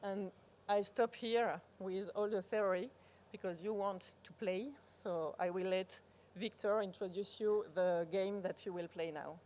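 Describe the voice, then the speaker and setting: A woman with a French accent, a native French speaker, giving a live workshop presentation, pausing often to search for words and restarting phrases. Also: medium pitch, fairly even intonation, a little mellow. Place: conference workshop room.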